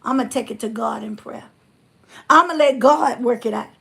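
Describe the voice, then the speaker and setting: A fiery woman holds forth on her livestream in a high, gravelly voice. She talks in a blunt, down-home way and swings between loud declarations and hushed asides. She reads her viewers' comments as she goes. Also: moderate pace. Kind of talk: casual preachy livestream talk.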